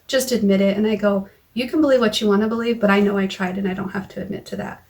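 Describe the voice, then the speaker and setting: A woman talking straight into her phone camera in a raw personal vlog. She retells a frightening argument in a halting way, with restarts and back-and-forth quoted dialogue, in a voice of middling pitch. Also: fairly even intonation, gravelly, darkish tone. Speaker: vlogger. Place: car or home.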